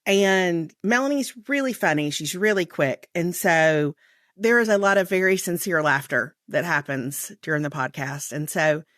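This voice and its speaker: A chatty woman with a Southern American accent and a lowish voice, talking as a podcast guest. She laughs easily and stretches her phrases. The sound is dry and close. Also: normal speed, a bit bright, no room sound. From Mississippi, USA. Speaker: guest author. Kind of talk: podcast interview.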